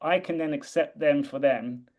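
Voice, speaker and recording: A man from the UK with a slightly raised pitch, speaking in an earnest, reflective way. He often circles back and restarts his sentences as he gathers his thoughts. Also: moderate pace, a little mellow. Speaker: guest. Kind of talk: casual conversation.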